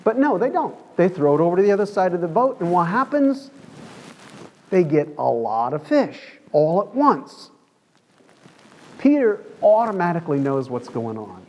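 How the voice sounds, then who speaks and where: A man's voice: sits high, big pitch swings, moderate pace, a little mellow, dull audio. A man preaching a conversational sermon in a church, telling the story in a chatty way and acting out the quoted lines.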